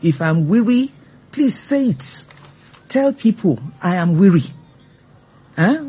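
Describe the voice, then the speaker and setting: Husky woman teaching scripture. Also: medium pitch, animated, takes it slowly, dark tone, muffled recording. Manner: earnest, rising to fervent exhortation. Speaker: Bible teacher. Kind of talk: church teaching with call-and-response.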